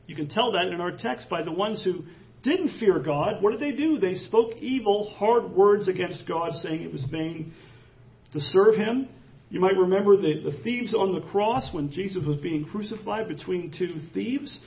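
A man preaching a sermon in a high, gravelly voice. He reads scripture aloud and drives the points home with rising emphasis. The recording sounds dull and lo-fi. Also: lively intonation, normal speed, recorded from a distance. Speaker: pastor.

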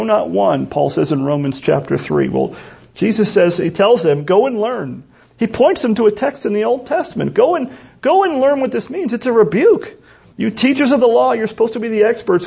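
Male pastor, sermon, husky voice, gravelly edge, earnest and emphatic. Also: high voice, darkish tone. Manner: earnest, emphatic preaching with repeated phrases.

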